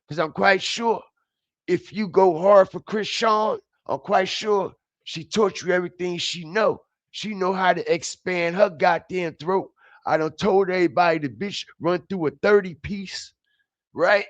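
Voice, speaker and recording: A man's voice: high voice, no room sound, muffled recording. A man hosting a livestream, ranting in a heated, confrontational way, taunting and repeating himself. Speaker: livestream commentary host. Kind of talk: profane ranting livestream commentary. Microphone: streaming setup mic.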